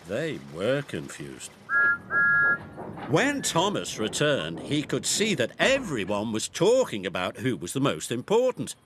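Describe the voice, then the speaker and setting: A man narrating a children's storybook in a gentle, expressive telling. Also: mid-range voice, unhurried, noisy background. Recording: narration with music underneath.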